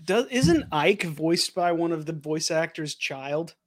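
Male podcast co-host, fairly high voice, jokey, keeps the conversation moving. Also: expressive, a little slow, no echo, studio quality. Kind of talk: casual chat.

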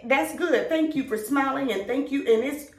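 Emphatic middle-aged woman in echoey room. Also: high voice. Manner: emphatic and preachy, drawn-out words. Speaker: podcast co-host. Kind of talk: casual chat. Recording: echoey room, distant mic.

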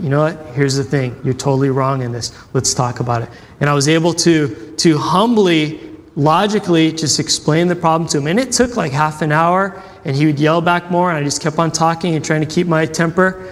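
A man preaching a sermon as a pastor, telling a story with acted-out quotes and questions to the crowd. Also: fairly high pitch. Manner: animated storytelling, acts out quotes, asks audience questions. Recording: long hall reverb.

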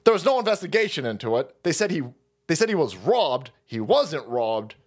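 A man hosting a stream, ranting about politics in a loud, foul-mouthed, mocking way, jumping between shouts and low mutters. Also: very animated, normal speed. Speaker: host of a political rant stream. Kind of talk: profane political rant.

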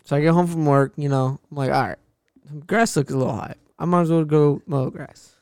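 A young man with a smooth, clear voice and a slightly raised pitch tells a story loosely and with a lot of swearing. The sound is close and dry, with almost no room around it. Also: fairly quick, no room sound. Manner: profane, animated storyteller. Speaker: podcast co-host. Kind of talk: casual chat, storytelling.

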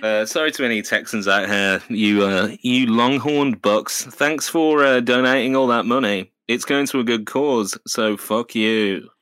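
A man's voice: mid-range voice, measured pace, hardly any pauses, fairly bright tone, clean tone, no echo. A man co-hosting a comedy podcast, swearing freely and riffing into silly bits. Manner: swearing, riffs into silly voices. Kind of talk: crude comedic podcast banter.

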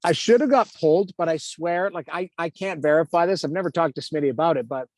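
A man's voice: a little high, fast, dry recording. A man in his fifties, a former hockey goalie turned TV analyst, telling a story in a casual interview, acting out quotes with lots of "like". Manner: animated, acts out quotes, lots of "like".

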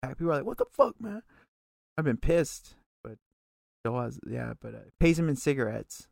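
A man co-hosting a casual chat, recapping an episode in a loose, profane way with quick asides. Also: medium pitch, vocal fry, a little mellow, no room sound, clean studio sound. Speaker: podcast co-host recapping a TV episode.

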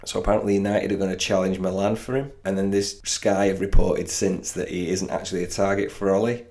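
A man chats about football on a podcast. His voice sits very low and has a gravelly edge. He jokes along and swears now and then, easy and unhurried. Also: little pitch movement, darkish tone. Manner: banter, laughing, swearing. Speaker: podcast co-host. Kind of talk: casual football chat.

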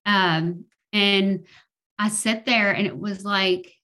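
A woman's voice: mid-range voice, fairly even intonation, slow, pushed and bright. A woman with a Kentucky accent, a podcast guest telling her personal story hesitantly with lots of fillers. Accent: Kentucky Southern American. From Kentucky, USA. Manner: hesitant, many fillers, laughs easily.

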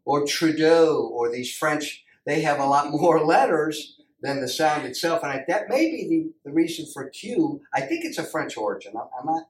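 A man's voice: fairly high pitch, expressive, moderate pace. A man hosting a casual chat, easygoing and chuckling, often restarting his sentences. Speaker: host. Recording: echoey room, mic at a distance.

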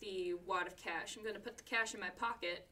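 A woman's voice: medium pitch, fairly even intonation, fairly quick, pushed and bright, far from the mic, a little hiss or hum. A woman playing a detective in a tabletop game, rambling with lots of "like". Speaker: player.

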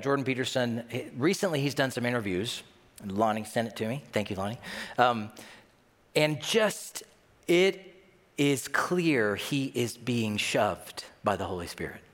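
A male pastor delivers a sermon with a lively, wide-ranging voice that jumps between loud emphasis and quiet, hushed asides. His mid-pitched voice rings out with a long reverb, as if in a large hall. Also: brisk.

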